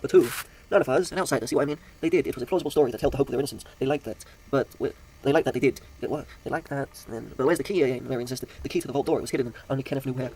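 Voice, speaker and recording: A man's voice: medium pitch, rapid-fire, darkish tone, a little hiss or hum, rough recording. A man reading a mystery story aloud, correcting his own slips as he goes. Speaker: narrator.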